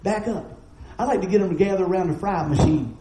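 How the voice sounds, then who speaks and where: A middle-aged man preaches a sermon in an animated, folksy style, full of stories and asides. His voice sits high but sounds dark and mellow. The sound carries the echo of a roomy church hall, with faint noise underneath. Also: fast. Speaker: pastor.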